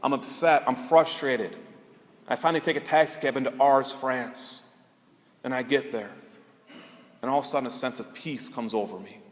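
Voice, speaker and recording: A man's voice: medium pitch, moderate pace, long pauses, big-room sound. A man, a priest, giving a sermon and telling a personal story in an earnest, conversational way.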